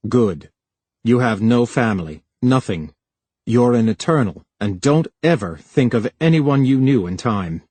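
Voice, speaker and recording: A man voicing a young male time official who answers in sharp, bitter retorts, with a husky voice. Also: medium pitch, animated, a little slow, no echo.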